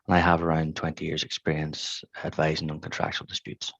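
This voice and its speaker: A man introducing himself as a lawyer on a webinar in a brisk, matter-of-fact way. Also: extremely low pitch, completely flat delivery, a bit bright, highs cut off. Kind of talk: brief self-introduction.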